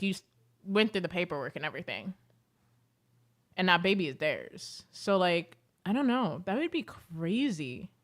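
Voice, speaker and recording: Chatty young woman vlogger. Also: fairly low pitch. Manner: chatty, animated storytelling with frequent fillers. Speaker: beauty vlogger. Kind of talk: casual chat to camera.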